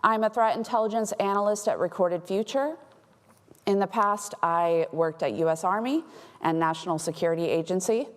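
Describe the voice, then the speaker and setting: A woman from Texas giving a conference talk as a threat intelligence analyst, explaining in a clear way with light humor. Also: mid-range voice, normal speed. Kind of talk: conference presentation. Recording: long hall reverb.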